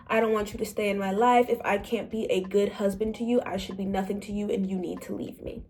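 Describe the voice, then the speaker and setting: A woman's voice: medium pitch, fairly even intonation, fast talker, hardly any pauses, a little mellow, soft background music. A young woman talking casually about a book she read, chatty and acting out the characters' lines. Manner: chatty, acts out quotes in different voices. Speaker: book club vlogger.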